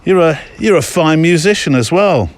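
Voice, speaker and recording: A man's voice: fairly high pitch, lively intonation, moderate pace. A British man hosting a podcast, reading listener mail aloud in a casual, chatty way with joking asides. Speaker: podcast host.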